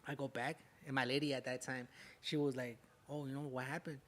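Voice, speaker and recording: Brisk and fairly bright-toned, with a medium pitch that barely moves, a young Southern California rapper tells a story as a podcast guest. He uses streetwise, profane slang and keeps tagging lines with "way" and "fool."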